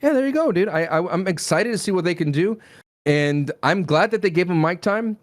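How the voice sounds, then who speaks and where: A man co-hosting a casual wrestling podcast, talking in a fairly high voice. He is animated and teasing, and he trips over quick restarts as the ideas rush out. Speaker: podcast co-host.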